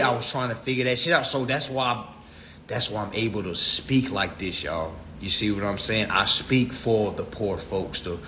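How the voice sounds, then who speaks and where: A man's voice: on the low side, bright, forceful tone, a little hiss or hum. A man on a live stream, ranting in a blunt, profane, preachy way into his phone. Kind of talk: casual rant.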